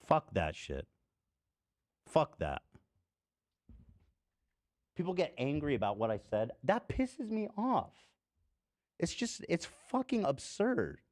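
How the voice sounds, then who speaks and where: A man's voice: a little high, big pitch swings, slow pace, long pauses, darkish tone, no room sound, studio quality. A man in his thirties hosting a podcast, ranting angrily with lots of profanity and emphasis. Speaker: podcast host. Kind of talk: heated podcast rant.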